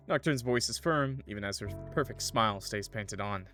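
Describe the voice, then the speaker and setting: Excitable man streaming a visual novel. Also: on the low side, moderate pace, hardly any pauses, soft background music. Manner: excitable, swears, laughs loudly. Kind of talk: casual let's-play commentary and narration.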